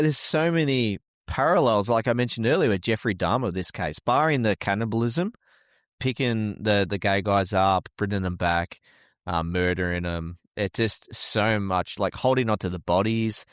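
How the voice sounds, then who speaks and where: A man with a very deep voice trades reactions and dark jokes in a relaxed true-crime podcast. He talks loosely and swears now and then. The sound is dry and close. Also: moderate pace, dry recording. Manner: reactive, joking, swears casually. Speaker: podcast co-host.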